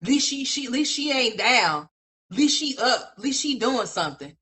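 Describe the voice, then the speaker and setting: A brash woman rants on a livestream, swearing freely and scolding the people she talks about. Her voice is bright and sharp and swings between loud bursts and low mutters. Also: very animated, normal speed, breathy edge. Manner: profane, brash, scolding, heavy slang. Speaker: commentary livestream host. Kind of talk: ranting commentary.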